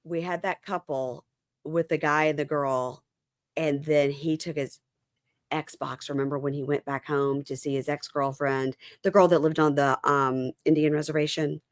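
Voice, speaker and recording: Low-voiced woman recapping a show. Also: fairly even intonation, dry recording, clean studio sound. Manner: retells scenes, acting out the people's lines in quick voices. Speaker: podcast host. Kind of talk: casual chat recapping a reality show.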